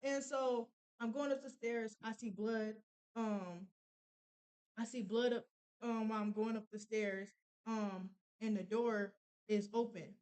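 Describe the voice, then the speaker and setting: A young woman telling a painful personal story, halting with many fillers and restarts. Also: a little high, fairly even intonation, darkish tone, clean tone, low-quality recording. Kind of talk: casual storytelling.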